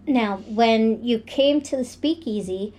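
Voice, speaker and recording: A woman co-hosting a podcast, telling stories in a relaxed way with fillers. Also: fairly high pitch, slow. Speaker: podcast co-host. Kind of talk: casual storytelling chat.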